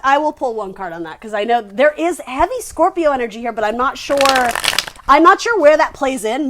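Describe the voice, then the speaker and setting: A woman's voice: fairly high pitch, a bit bright. A woman giving a casual tarot reading, chatty and rambling, with lots of fillers and restarts. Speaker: tarot reader.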